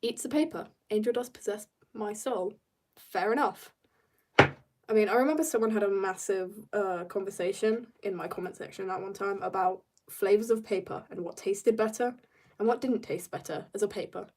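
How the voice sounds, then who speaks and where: A woman's voice: medium pitch, far from the mic. A British teenage girl chatting casually on a livestream while drawing, rambling and giggly. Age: teens. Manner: rambling, giggly, talks in quick bursts. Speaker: streamer. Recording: voice a bit off-mic.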